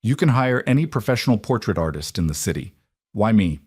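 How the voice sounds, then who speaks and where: A man's voice: lowish voice, big pitch swings, brisk, a little mellow, husky, dry recording. A man voicing a nervous, defensive young male artist in a dry recording. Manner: tense and defensive.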